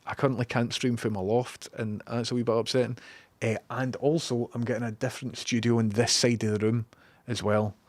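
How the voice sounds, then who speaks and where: A young man with a Scottish accent talks casually to his live-stream audience, joking around and reading viewer messages aloud. His voice sits at an ordinary middle pitch. The sound is close and dry, with no room around it. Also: flat delivery, fairly quick, no echo. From Scotland. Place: home studio room.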